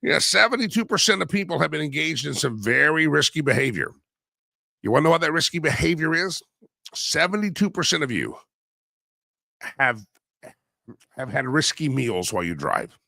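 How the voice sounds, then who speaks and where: Hoarse, animated male talk radio host. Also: on the high side, moderate pace, long pauses, dry recording, clean studio sound. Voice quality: raspy. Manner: animated, teasing, jumps between loud and mumbled. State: hoarse, voice wearing out. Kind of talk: opinionated talk radio monologue.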